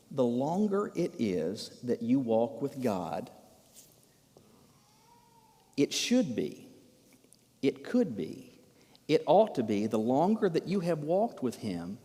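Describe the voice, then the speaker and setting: Emphatic preacher in an echoing hall. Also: male voice, medium pitch, mellow. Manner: emphatic, asks rhetorical questions. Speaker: pastor. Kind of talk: sermon.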